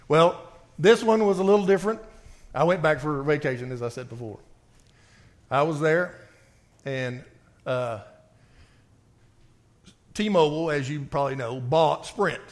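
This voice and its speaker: A man preaching a sermon and reading scripture aloud, swinging between forceful outbursts and quiet reading. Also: a little high, measured pace, pauses often. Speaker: pastor.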